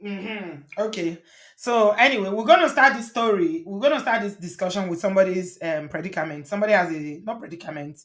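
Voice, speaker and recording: A middle-aged woman hosts a relaxed live-stream conversation. She is chatty and teasing and laughs easily between points. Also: mid-range voice, fairly quick. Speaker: host. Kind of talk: casual live-stream chat.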